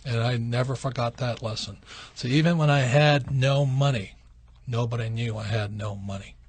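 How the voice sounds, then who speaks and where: A man with a husky, medium-pitched voice and moderate pace hosts a radio call-in program. He responds to questions with easygoing stories from his youth, animated when quoting others. No room sound is audible.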